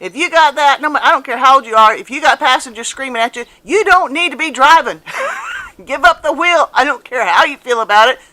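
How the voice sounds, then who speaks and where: Woman, fifties, bright clear voice, casual storytelling vlog, earnest, emphatic repetition. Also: sits high, expressive, brisk. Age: 50s. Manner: emphatic and earnest, repeats phrases for stress. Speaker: vlogger. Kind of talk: casual personal storytelling to camera.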